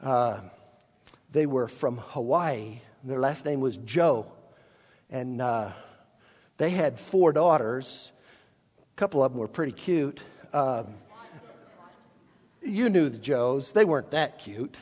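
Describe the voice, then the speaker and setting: A man's voice: medium pitch, animated, slow pace, pauses often, darkish tone, husky, big-room sound. A man preaching a sermon as pastor, emphatic and given to repeating words as he restarts.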